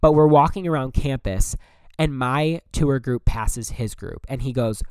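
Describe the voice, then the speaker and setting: A young man hosts his own podcast and tells a story in casual, animated bursts. He sounds exasperated and swears freely. The sound is dry, with no room echo. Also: medium pitch, unhurried, smooth. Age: young adult. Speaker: podcast host.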